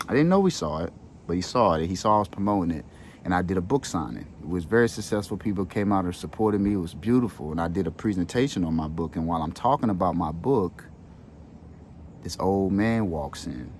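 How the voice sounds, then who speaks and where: Earnest low-voiced man telling a personal story. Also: expressive, fairly quick, a little mellow, a little hiss or hum. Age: adult with children. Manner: emotional, earnest, casual street slang. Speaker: wellness channel host.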